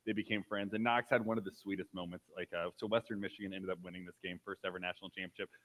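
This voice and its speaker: A man's voice: deep voice, fairly even intonation, rapid-fire, fairly bright tone, rough recording. A man in his thirties giving a casual, conversational sermon, telling a personal story with frequent fillers. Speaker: pastor.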